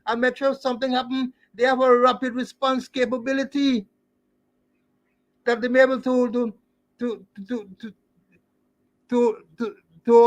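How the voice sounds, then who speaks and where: A man's voice: very high voice, a bit bright. A man from Guyana with a Guyanese accent, stammering and repeating words as he speaks emotionally about politics. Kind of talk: impassioned political talk.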